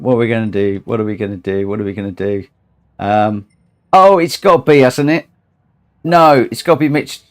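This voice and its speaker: A tired man hosting a long charity gaming livestream, chatting casually, rambling and repeating himself as he gets emotional. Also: mid-range voice. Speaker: livestream host.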